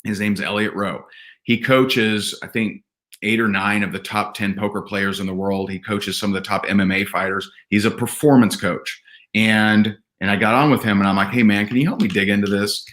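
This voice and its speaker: A man telling personal stories as a podcast guest, earnest and animated, often restarting his sentences. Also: on the low side, moderate pace. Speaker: podcast guest, event speaker. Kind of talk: candid conversational storytelling.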